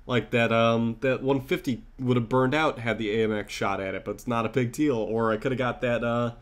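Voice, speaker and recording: Excitable man narrating gameplay. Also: medium pitch, a little fast. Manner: excited, rambling with fillers. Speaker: gaming commentator. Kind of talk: casual gameplay commentary.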